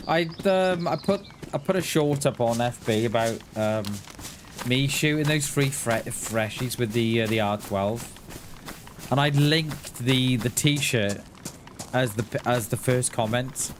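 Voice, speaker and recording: A man rambles through a casual gaming live stream, slow and unhurried in his speech. He is chatty and quick to laugh at himself. The stream audio carries steady noise and the click of keys. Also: mid-range voice.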